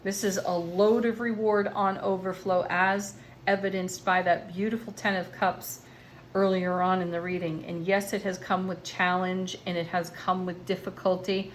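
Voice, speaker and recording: A woman giving a tarot card reading in a gentle, encouraging, spiritual manner. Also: on the low side, flat delivery, normal speed, a little hiss or hum. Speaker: tarot reader.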